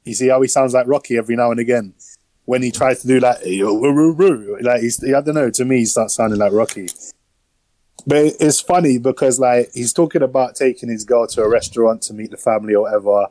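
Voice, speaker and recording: Casting: male podcast host, mellow, slangy and rambling, mid-pitch. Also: fairly even intonation, quick pace, dry recording, poor audio. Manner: rambling, slangy, lots of fillers. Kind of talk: casual film review chat.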